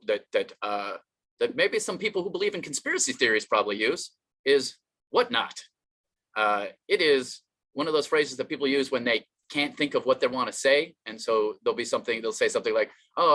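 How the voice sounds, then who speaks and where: Bright-voiced rambling stand-up comic man. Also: mid-range voice, expressive, fairly quick. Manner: rambling, self-deprecating, many fillers and restarts. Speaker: stand-up comedian. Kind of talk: online stand-up set.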